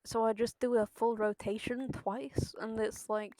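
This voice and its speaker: A woman's voice: on the high side, fairly even intonation, unhurried, warm tone, dry recording. A woman streaming a game, chatting casually with her viewers and swearing freely. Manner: chatty, swears freely, talks to chat while playing.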